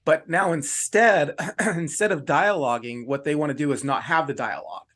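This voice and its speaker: A man's voice: fairly high pitch, normal speed, a bit bright. A middle-aged man hosting a casual chat, who lays out his ideas thoughtfully and at length. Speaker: podcast host.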